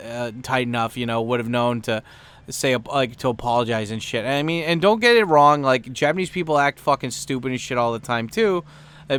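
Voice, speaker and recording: A man's voice: medium pitch, fairly bright tone, clear, resonant tone. A man hosting a podcast, talking in a casual, rambling way with lots of fillers and swearing. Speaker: podcast host. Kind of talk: casual profane monologue.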